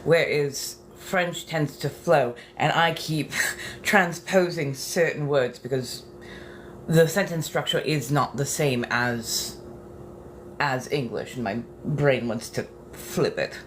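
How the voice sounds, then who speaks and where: A woman chatting softly as an ASMR creator at home, musing unhurriedly and practicing phrases aloud. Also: low voice, slow, slight background noise. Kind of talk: soft-spoken ASMR chat. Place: home apartment.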